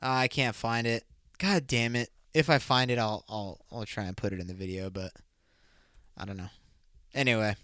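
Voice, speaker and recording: A young man hosts his own podcast alone, rambling in a loose, bro-ish way with constant swearing. His voice sits in a middle range and comes across smooth and clear, recorded close and dry with no room sound. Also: medium pitch, fairly even intonation, moderate pace, bright, forceful tone, no echo. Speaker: podcast host. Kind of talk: casual solo podcast talk.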